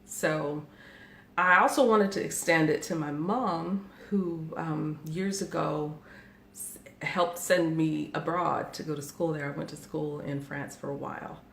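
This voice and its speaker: Animated woman in her 40s, lowish voice, chatty storytelling, echoey room. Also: measured pace, creaky. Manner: animated, laughing, quotes her family in lively voices. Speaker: podcast co-host. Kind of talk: casual storytelling chat. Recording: echoey room with faint background noise.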